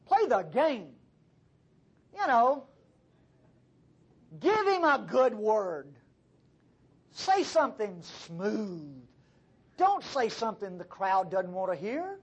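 A man acting out a pushy male soldier who leans on a prophet to play along. He talks in a slow, drawn-out, wheedling way, his husky voice pitched up high. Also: sing-song, lo-fi sound, exaggerated voice. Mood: coaxing.

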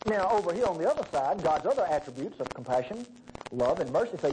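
A man's voice: on the high side, fast talker, slight background noise, rough recording. A man preaching a sermon, acting out voices in his stories. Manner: folksy, animated, acts out voices in stories.

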